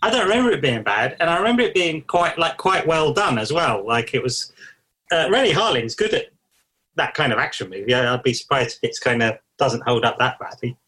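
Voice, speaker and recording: A man's voice: mid-range voice, expressive, fairly quick, bright, forceful tone, rough recording. A man co-hosting a casual film podcast, telling anecdotes with hedges and acting out quotes. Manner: anecdotal, hedging, acts out quotes. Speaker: podcast co-host.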